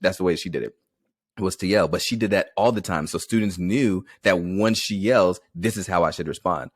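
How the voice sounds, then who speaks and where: A man who teaches, speaking as a podcast guest in a calm, soft-spoken and reflective way into a large microphone. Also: low-pitched, moderate pace, no room sound, clean studio sound. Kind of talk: casual conversational interview. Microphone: large studio microphone.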